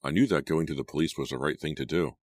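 Very deep-voiced male audiobook reader. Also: quick pace, no room sound. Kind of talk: audiobook narration. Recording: dry close recording.

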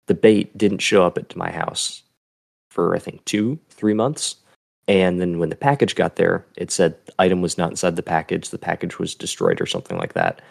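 Young man, very deep voice, heavy vocal fry, easygoing podcast guest. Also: animated, normal speed, darkish tone. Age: young adult. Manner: easygoing, earnest, rambling. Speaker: guest, bait builder. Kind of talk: casual chat.

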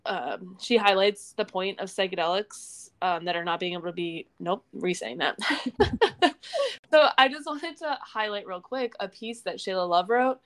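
Midwestern woman on a science podcast, smooth clear voice, easygoing. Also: mid-range voice, measured pace. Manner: relaxed, laughs at herself, fillers. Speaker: podcast co-host. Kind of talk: casual chat, reading show updates.

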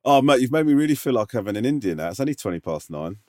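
Male podcast co-host, mid-pitched, chatty and teasing, restarts a lot, dry studio sound. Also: big pitch swings, rapid-fire, darkish tone, no room sound. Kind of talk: casual chat.

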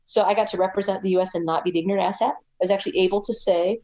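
An American woman telling a story as a guest in a casual interview, chatty and animated, with frequent restarts. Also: medium pitch, rapid-fire, few pauses, dull audio. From United States. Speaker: guest, ultrarunner.

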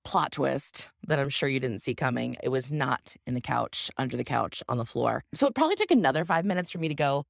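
A woman hosting her own podcast, telling a candid, self-deprecating story in a casual, animated way. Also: extremely low pitch, brisk, vocal fry, few pauses, dry recording, studio quality. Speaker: podcast host.

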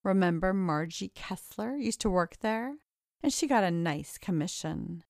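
A woman's voice: fairly low pitch, lively intonation, a little slow, creaky, a little mellow, dry recording, studio quality. A woman doing a snide, sarcastic young woman. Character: sarcastic young woman, former school bully.

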